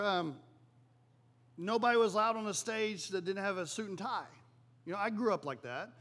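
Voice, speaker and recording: A pastor preaching a sermon in a conversational way, often checking in with the congregation by asking "right?". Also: male voice, sits high, fairly bright tone.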